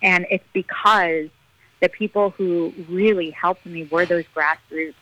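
A woman political candidate speaking as a radio interview guest, energetic, earnest and rallying. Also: on the low side, unhurried, no room sound, muffled recording.

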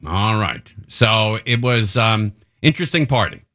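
A man's voice: on the low side, lively intonation, a little slow, pushed and bright. A middle-aged man hosting a radio show, telling anecdotes in an easygoing, rambling way and correcting himself as he goes. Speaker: radio host. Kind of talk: casual chat, anecdote telling.

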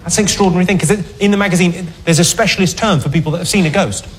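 A man doing a sardonic, deadpan stand-up routine. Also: high-pitched, rapid-fire, slight background noise. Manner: dry, sardonic, deadpan delivery. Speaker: stand-up comedian. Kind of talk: stand-up routine reading letters.

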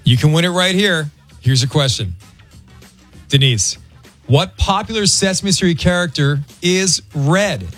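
A man's voice: fairly high pitch, measured pace, a bit bright, faint music behind. A man hosting a radio morning show quiz, upbeat and encouraging.

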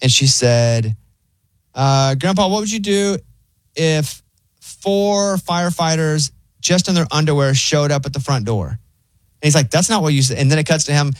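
A man chatting casually as a show host, an animated storyteller who acts out the lines he quotes. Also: fairly high pitch, normal speed, dry recording.

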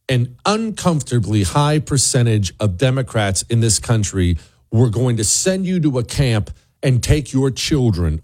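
A man's voice: mid-range voice, darkish tone, no echo, clean studio sound. A man hosting a talk radio show, delivering an emphatic, combative monologue and reading his own sponsor ads. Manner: emphatic, combative, repeats words when worked up.

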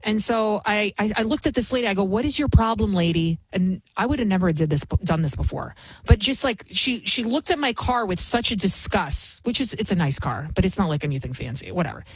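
A woman's voice: mid-range voice, animated, brisk, husky, dry recording, poor audio. A woman in her forties hosting a talk radio show, ranting with heated indignation. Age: 40s. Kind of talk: opinionated talk radio monologue.

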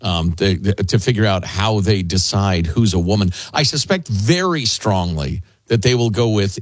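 A man hosting a talk radio show, chatting casually in a sarcastic, deadpan way. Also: lowish voice, normal speed, few pauses, no room sound.

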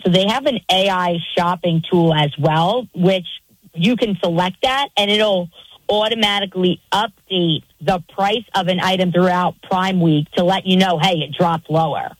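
A woman with a New York accent, a guest reporter explaining things on a radio show in a brisk way. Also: fairly low pitch, dry recording, rough recording. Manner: brisk, explanatory, laughs easily. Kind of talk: casual radio chat.

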